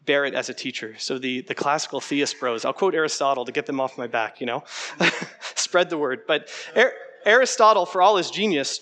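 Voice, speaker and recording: A man leading an interactive teaching session, conversational and animated, often putting questions to the room. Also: on the high side. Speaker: preaching workshop instructor.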